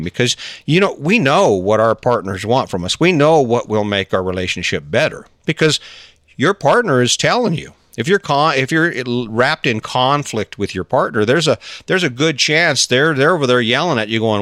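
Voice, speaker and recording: A man's voice: mid-range voice, big pitch swings, normal speed, a bit bright, dry recording, clean studio sound. Earnest man rambling on a podcast. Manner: earnest, rambling, acts out inner voices with many restarts. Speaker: podcast host. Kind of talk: solo motivational podcast talk.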